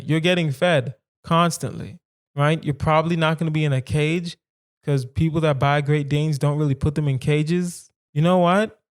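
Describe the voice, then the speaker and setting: A man's voice: fairly high pitch, clean tone. A man hosting a solo comedy podcast, rambling playfully through silly questions he asks himself. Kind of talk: casual solo podcast musing.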